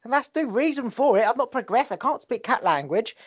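A man's voice: very high-pitched, animated, brisk. A man, a podcast guest chatting casually in a crude, jokey, laid-back way.

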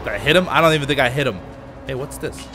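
Panicky excitable man playing a game. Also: medium pitch, fast, noisy background. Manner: excitable, panicky exclamations under fire. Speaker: gaming channel host. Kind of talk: let's play commentary.

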